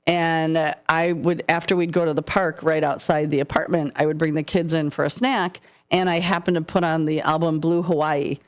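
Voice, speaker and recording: A woman in her sixties, a radio co-host, telling stories in an animated way on a studio mic. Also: low voice, moderate pace, hardly any pauses. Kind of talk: casual storytelling chat. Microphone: studio microphone.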